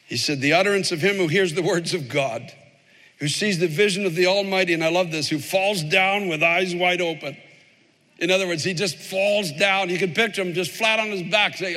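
A man preaching a sermon with great passion, moving between shouting and hushed intensity. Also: high voice, moderate pace, long reverb tail.

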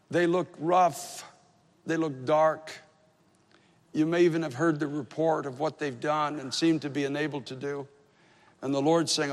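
A male pastor delivers a sermon in a relaxed, storytelling way, poking fun at himself between earnest points. His voice sits a little high for a man. The sound carries a long reverb, as if from a large hall. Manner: conversational, self-deprecating storytelling with wry humor.

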